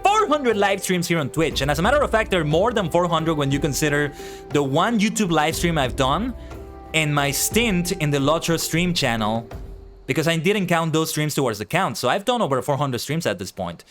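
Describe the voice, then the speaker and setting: A man's voice: on the high side, moderate pace, faint music behind. A man streaming live, chatting casually with his viewers and reading their messages aloud as he answers them. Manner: animated, reads and answers chat aloud.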